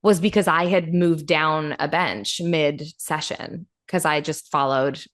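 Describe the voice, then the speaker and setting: Woman podcast host, slightly low voice, animated storyteller who acts out quotes and swears casually. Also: unhurried.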